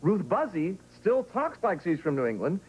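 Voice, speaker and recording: A man's voice: sits high, very animated, normal speed. A man in his forties from Massachusetts, a guest on a late-night talk show, telling self-deprecating stories in a joking way. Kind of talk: chatty talk show anecdotes. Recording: dull old TV broadcast, faint hiss.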